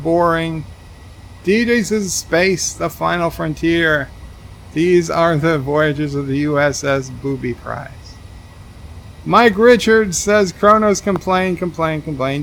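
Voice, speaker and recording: A man's voice: a little high, fairly bright tone. A man streaming a game, reading chat messages aloud and answering them with dry asides. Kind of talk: casual livestream commentary.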